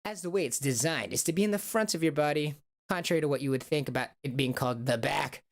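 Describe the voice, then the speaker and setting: Gravelly-voiced man coaching body awareness. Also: on the high side, quick pace. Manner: playful, repetitive call-and-response. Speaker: host of a body-awareness stream. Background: music.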